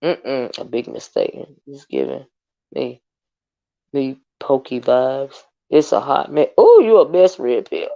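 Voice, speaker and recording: A woman host giving casual ranting commentary, exasperated and animated, with long sighing hums between remarks. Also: rumbling low, unhurried, gravelly, no echo, muffled recording.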